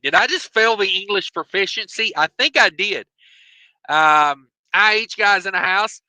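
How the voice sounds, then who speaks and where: A man's voice: high voice, lively intonation, normal speed, bright, forceful tone, no room sound, rough recording. A man hosting a casual trucking livestream on his phone, reading viewer comments in a loose, joking way. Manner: loose and joking, many fillers and asides.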